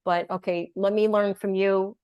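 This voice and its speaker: A woman guest in an interview, telling her story in a lively way and acting out what people said. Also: medium pitch, normal speed, smooth, dry recording, dull audio. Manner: animated storyteller, acts out quotes. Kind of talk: conversational interview.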